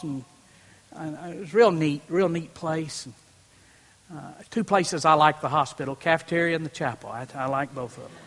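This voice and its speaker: Higher-voiced man preaching in a reverberant hall. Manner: storytelling, swings from hushed to loud preaching. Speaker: pastor. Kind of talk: sermon with personal story. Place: church platform before a congregation. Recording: long reverb in a large hall.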